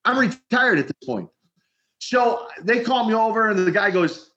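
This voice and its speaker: An older man, a retired wrestler, telling lively stories in an interview and acting out the quotes. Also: on the high side, unhurried. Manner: lively storyteller, acts out quotes. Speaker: retired pro wrestler guest. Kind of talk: animated storytelling interview. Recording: muffled lo-fi audio.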